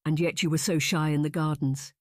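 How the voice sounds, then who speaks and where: An arrogant young marquis, as a male audiobook narrator reads him speaks in a fairly high, smug voice that needles at every turn. The audiobook sound is dry and close. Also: little pitch movement, a little fast, no echo, lightly acted. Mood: teasing.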